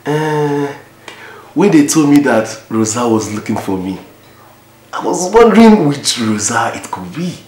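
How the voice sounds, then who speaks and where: An amused, chatty man with a Nigerian accent, his pitch swinging freely. He speaks slowly in a roomy, echoing space. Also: big pitch swings, darkish tone. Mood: pleasantly surprised. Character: welcoming host man, cheerful. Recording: roomy echoing indoor sound.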